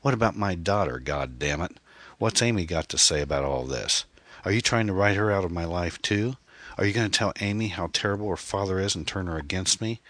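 A man's voice: low-pitched, animated, a little fast, fairly bright tone, no echo, voice pushed up. A man voicing a guilt-ridden divorced man, earnest and defensive as he pleads over the phone.

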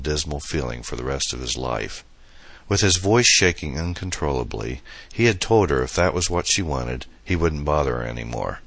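A man reading an audiobook novel as narrator, in steady, measured storytelling. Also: a bass voice, dry recording. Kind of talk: scripted narration.

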